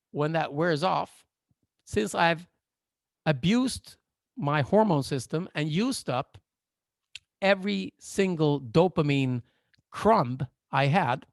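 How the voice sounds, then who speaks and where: A man coaching a workshop over a video call, explaining in a playful, animated, joking way. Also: a little high, dry recording, studio quality. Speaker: coach and therapist. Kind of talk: online workshop lecture.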